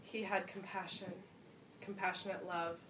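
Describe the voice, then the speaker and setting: A woman preaching a sermon in a reflective, personal way, with soft laughs along the way. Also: lowish voice, little pitch movement, a little slow, a little hiss or hum. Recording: roomy sound from a distant mic, faint ambience.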